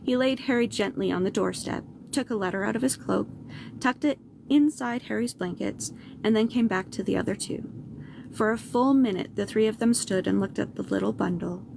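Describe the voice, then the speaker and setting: A woman reading a children's book chapter aloud, steady and unhurried. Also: medium pitch, vocal fry, background noise. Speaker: storyteller.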